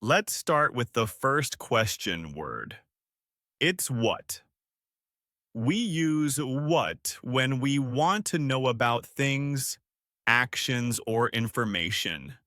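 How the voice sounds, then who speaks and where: A man hosting an English lesson podcast, speaking slowly and clearly in a scripted, encouraging repeat-after-me style. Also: mid-range voice, animated, pushed and bright, no room sound, clean studio sound. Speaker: English teacher and podcast host.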